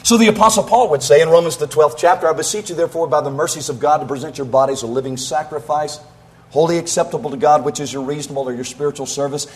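A man preaching a sermon, moving between loud declarations and hushed, drawn-out low phrases. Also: slightly rough, poor audio.

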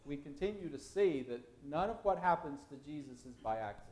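A man's voice: fairly high pitch, lively intonation, a little fast, darkish tone, echoey room. A man preaching a verse-by-verse sermon, asking his listeners questions as he explains the text. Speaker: pastor. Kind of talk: expository sermon.

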